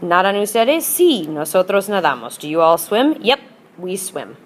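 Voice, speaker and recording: A woman's voice: mid-range voice, very animated, normal speed, slight background noise. A woman teaching a language class, drilling with patient repetition and switching between English and Spanish. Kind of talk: classroom lesson.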